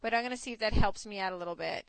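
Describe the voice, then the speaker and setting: A woman in her forties hosting a casual chat, telling stories in an animated way and acting out quotes. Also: mid-range voice, very fast, vocal fry, low-quality recording. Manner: chatty, animated storytelling with acted quotes. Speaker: host.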